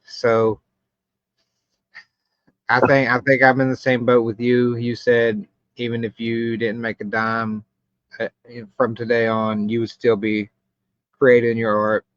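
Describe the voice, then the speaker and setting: Host: calm, reflective man, um-heavy, muffled dry recording. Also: medium pitch, dry recording. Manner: measured, reflective, hesitant with ums. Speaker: podcast host. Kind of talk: casual podcast chat.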